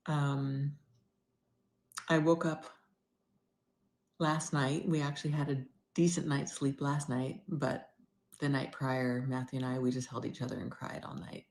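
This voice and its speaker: Middle-aged woman, low voice, video diary, candid, rambling, loud to near-whispered. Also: creaky. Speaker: vlogger.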